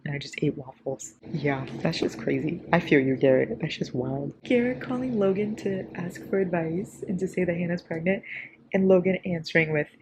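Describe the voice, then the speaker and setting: A woman's voice: on the low side, moderate pace, darkish tone, low-quality recording. A sleep-deprived woman chatting about a book she's reading, casual and profane, laughing often. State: sleep-deprived, a little delirious. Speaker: book vlogger. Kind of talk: casual reading-reaction vlog. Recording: audible background noise.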